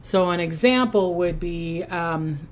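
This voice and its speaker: A woman's voice: fairly low pitch, slow pace. An older woman with a Minnesota accent, hosting her own livestream as a psychic and chatting casually through viewer comments in a rambling way. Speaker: psychic host.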